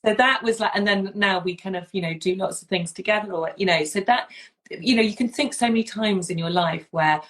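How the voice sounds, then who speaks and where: A woman's voice: medium pitch, a little fast, fairly bright tone, low-quality recording. A woman, hosting a casual chat and telling a story with many restarts and asides. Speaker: podcast host.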